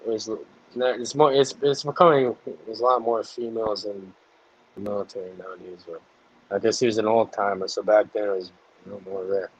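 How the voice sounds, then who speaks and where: A man's voice: fairly low pitch, steady tone, brisk, dull audio. Foul-mouthed man telling a story casually. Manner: profane, loose storytelling with constant fillers. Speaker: chat partner. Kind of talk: casual chat.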